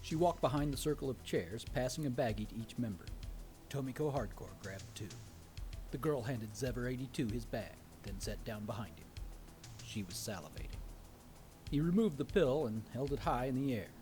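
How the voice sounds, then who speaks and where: Dude reading a scary story, kinda sarcastic, lively voice, soft music under it. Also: male voice, mid-range voice, moderate pace. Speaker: narrator. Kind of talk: scripted horror story narration.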